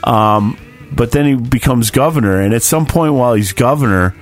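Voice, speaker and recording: A man's voice: medium pitch, normal speed, soft background music. Rambling, profane man retelling a movie. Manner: rambling storyteller, profane, laughs often. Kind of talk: casual chat.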